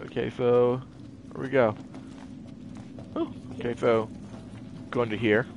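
A young man giving excitable, jokey commentary while playing a video game. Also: medium pitch, unhurried, lo-fi sound, noisy background. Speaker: gaming YouTuber. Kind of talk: casual gameplay commentary.

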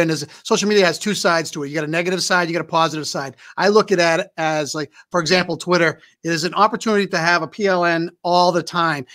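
A man's voice: a little high, fairly bright tone. A man hosting an interview podcast, asking questions and responding in an enthusiastic, encouraging way. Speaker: podcast host.

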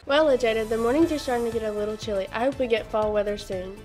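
A woman anchoring a student news show, reading announcements clearly from a script. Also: fairly high pitch, fast talker, darkish tone, soft background music.

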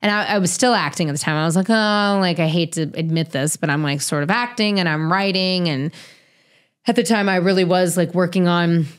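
A woman in her thirties telling stories as an interview guest, animated, profane and self-mocking. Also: on the low side, a little fast. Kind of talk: casual storytelling.

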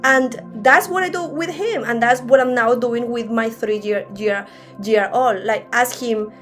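A woman's voice: on the high side, unhurried, fairly bright tone, faint music behind. A woman preaching a sermon at a church service in a conversational way, often restarting her sentences.

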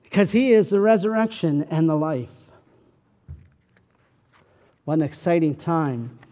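A man preaching a sermon as pastor, dramatic, moving between loud pleading and a soft, slow hush. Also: on the high side, lively intonation. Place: church sanctuary. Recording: church hall with long reverb.

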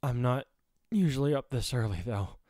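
A man's voice: mid-range voice, expressive, moderate pace, darkish tone, dry recording, studio quality, pitched above the performer's own voice, natural voice. A man voicing a distraught teenage girl hero student who is tired and short of breath from jogging. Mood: weary.

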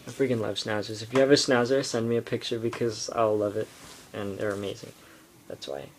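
A teenage boy rambling through a casual home vlog into his iPod camera, halting and full of fillers. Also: on the low side, steady tone, slight background noise. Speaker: vlogger.

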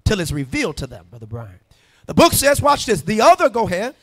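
A male pastor preaching with emphatic call-and-response, pushing some lines up to shouts. His voice sits high and swings widely in pitch. The sound is dry and close. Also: wildly swooping pitch, brisk, no echo. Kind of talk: sermon. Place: church sanctuary.

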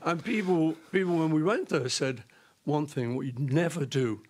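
Animated man telling a story. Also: fairly high pitch, moderate pace, a little hiss or hum. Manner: animated storyteller, laughing, putting on voices. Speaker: interview guest. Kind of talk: casual anecdote telling.

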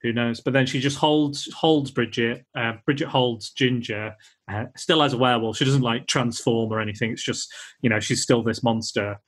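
A man's voice: medium pitch, husky. A man hosting a podcast in casual film chat, rambling and acting out lines from the movie. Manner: rambling, acts out film lines in quick voices. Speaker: podcast host.

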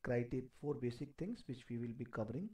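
A man teaching a live online beginner German class, slowly repeating each phrase with care and clearing his throat now and then. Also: mid-range voice, animated, darkish tone, far from the mic.

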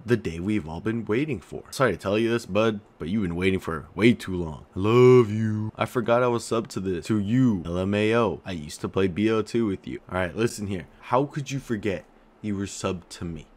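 A man's voice: on the low side, brisk, darkish tone. A young man reading viewer comments in a casual vlog, joking and crude, swinging between mumbles and outbursts. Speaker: YouTuber.

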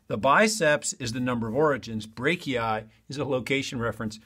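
A man's voice: mid-range voice, brisk, pushed and bright, slightly rough. A man teaching an online lesson in a chatty way, talking straight to his students. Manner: chatty, talks to students directly.

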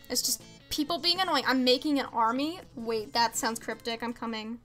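A woman's voice: a little high, moderate pace, pushed and bright, soft background music. A young woman streaming a game, chatting casually with viewers, reading chat aloud and making exasperated asides. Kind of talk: casual live-stream chat while gaming.

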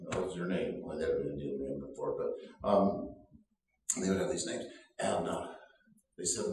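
A man's voice: mid-range voice, sing-song, unhurried, pauses often, a little mellow. Guy preaching a funny story, laughs at himself a lot, mid voice, sounds far off. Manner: anecdotal, often laughing at his own story. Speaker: pastor. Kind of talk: sermon storytelling. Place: church sanctuary. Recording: very echoey room, voice from far off.

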